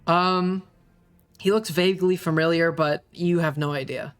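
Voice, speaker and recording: A game master narrating a tabletop role-playing game, unhurried and full of ums and uhs. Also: medium pitch, fairly even intonation, clean tone.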